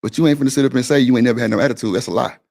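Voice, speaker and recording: Guy with a gravelly voice going off on a stream, blunt and repetitive, cussing a lot. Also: mid-range voice, racing, darkish tone. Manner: blunt, insistent, repeats himself, swears freely. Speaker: stream panel host. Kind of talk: heated argument on a live stream.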